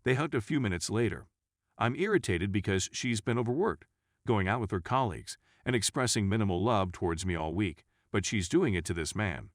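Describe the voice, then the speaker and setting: Lively low-voiced man narrating a story. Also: a little fast, no room sound, studio quality. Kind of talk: scripted narration.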